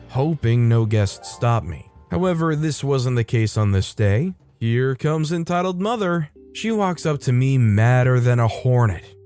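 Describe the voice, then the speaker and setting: A man's voice: mid-range voice, mellow. A man narrating Reddit stories aloud with wry, conversational asides. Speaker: storytime narrator.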